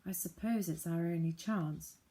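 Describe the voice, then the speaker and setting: A woman's voice: lowish voice, measured pace, dark tone, lightly acted. Woman reading as an earnest, polite young boy. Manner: earnest and respectful.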